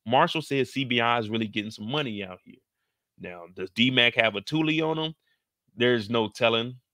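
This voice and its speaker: A man casually recapping a TV drama episode in a boastful, animated, slangy way. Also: medium pitch, moderate pace, no echo, clean studio sound. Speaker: YouTube show recapper.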